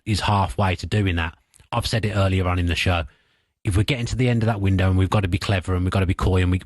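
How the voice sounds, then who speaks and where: A man with a Birmingham accent giving thoughtful, animated football analysis as a pundit on sports radio, speaking into a studio mic. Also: sits low, no echo.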